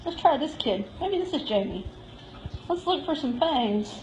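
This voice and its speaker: Woman, high voice, chatty shelter-tour host, baby-talks the cats, phone recording with faint hiss. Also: lively intonation, moderate pace, a little mellow, roomy sound, low-quality recording. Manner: cooing baby-talk to cats, frequent laughs. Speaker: shelter volunteer giving a live tour. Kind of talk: casual live-stream tour. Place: indoor cat room at an animal shelter.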